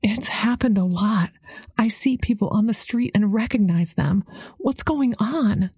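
A woman's voice: medium pitch, measured pace, a little mellow, slightly rough, dry recording, clean studio sound. A woman voicing a young woman who is anxious and confused, asking worried questions in a raised voice.

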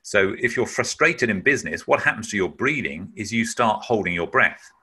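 Speaking at a moderate pace, a man with a fairly low, animated voice, sharp and slightly rough in tone, gives a webinar talk on managing emotions. He explains emphatically, at times acting out the sounds of holding his breath.

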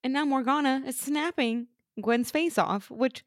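A woman's voice: sits high, a little slow, no room sound. Chatty woman, dry close sound. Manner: opinionated, laughs often, swears. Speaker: podcast co-host. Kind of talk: casual rewatch chat.

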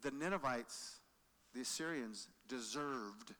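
A man preaching a sermon in an animated way, swinging from loud acted-out quotes to quiet emphasis, recorded in a large church sanctuary. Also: mid-range voice, measured pace. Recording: long reverb of a large hall.

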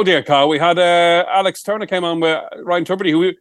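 A man's voice: sits high, steady tone, fairly quick, faint music behind. A man co-hosting a comedy podcast, with dry, playful banter. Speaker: podcast co-host. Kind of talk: casual comedic chat.

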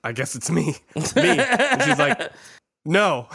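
A man in casual chat, telling a story in an animated way with laughter. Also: high voice, unhurried, vocal fry.

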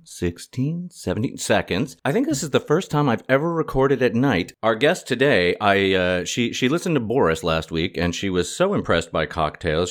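A man hosting a podcast from London, playful and jokey in casual interview chat. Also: on the low side. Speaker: podcast host. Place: home in London.

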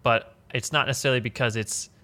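A man's voice: medium pitch, fairly even intonation, fast talker, pushed and bright. A man co-hosting a podcast, talking hesitantly and rephrasing as he goes. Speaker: podcast co-host. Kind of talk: casual chat.

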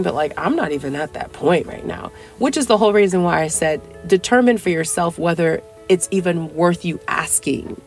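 A young adult woman hosting a casual dating-advice podcast, chatty and playful, acting out little dialogues with big jumps in pitch. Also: darkish tone. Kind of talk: casual solo podcast talk.

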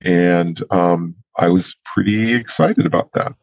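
A man's voice: low-pitched, a little slow, gravelly, dry recording, lo-fi sound. A middle-aged man as a podcast guest, recounting a conversation with fillers and restarts. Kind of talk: casual interview storytelling.

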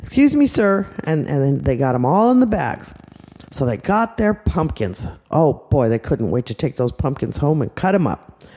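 An older woman, a grandmother, narrating a children's story in an animated, chatty way, full of asides. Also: rumbling low, normal speed, breathy edge.

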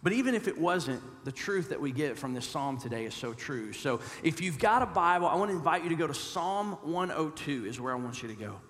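A man's voice: fairly high pitch, sing-song, fairly quick, hardly any pauses. Earnest preaching man in a reverberant hall. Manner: earnest, repeats words, swings from loud pleading to hushed. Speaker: pastor. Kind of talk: sermon.

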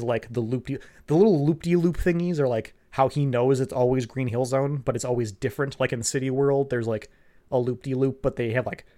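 A man's voice: medium pitch, a little mellow. A man giving a rambling, sarcastic and profane comedic recap of a cartoon plot. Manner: sarcastic, rambling, swears a lot. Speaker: show recapper.

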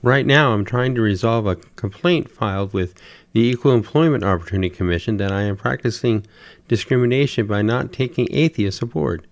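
A harried old Noah pleads in a low, plain voice as he runs through his troubles one by one, played by a male storyteller. The sound is dry and close, with no room around it. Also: brisk, no echo, natural voice. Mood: pleading. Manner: plaintive, listing complaints at length. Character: weary harried biblical Noah, old man.

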